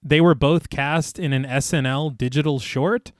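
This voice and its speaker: With a voice on the high side at a moderate pace, a horror podcast co-host gives a long, lively, scene-by-scene narration of a film's plot. The recording is dry, with clean studio sound.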